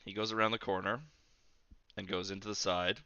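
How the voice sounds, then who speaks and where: A man's voice: low-pitched, flat delivery, brisk, bright, forceful tone, clear, resonant tone, dry recording, muffled recording. A man narrating as game master, rambling and correcting himself as he goes.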